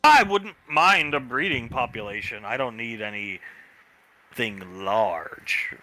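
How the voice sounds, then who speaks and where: A rambling young wife talks about animals, often stopping to correct herself, as a man plays her in his own voice. The tone is bright and lively, with a faint music bed underneath. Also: medium pitch, slow. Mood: chatty.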